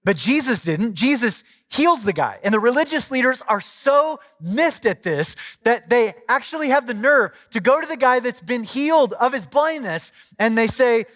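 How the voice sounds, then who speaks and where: A man's voice: very high-pitched, big pitch swings, normal speed, hardly any pauses, a bit bright. A middle-aged man from Southwest Missouri, a pastor preaching a sermon in a conversational, storytelling way with asides. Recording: long hall reverb.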